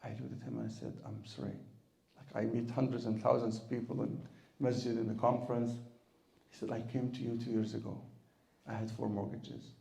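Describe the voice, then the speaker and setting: A man's voice: mid-range voice, little pitch movement, a little fast, creaky, warm tone, roomy sound, poor audio. A man from Egypt, an imam preaching in a storytelling style, asking rhetorical questions and chanting verses with rising force. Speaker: imam and Islamic lecturer. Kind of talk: sermon-style Q&A talk.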